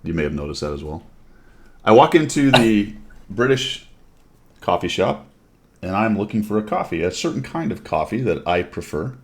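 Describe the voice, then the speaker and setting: An American man with a very low, deep voice hosts a casual talk show. He tells long, rambling stories that drift into tangents. A faint background hiss sits under his voice. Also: very animated, moderate pace. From United States. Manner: rambling, tangent-prone storytelling. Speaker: podcast host. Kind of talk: casual chat.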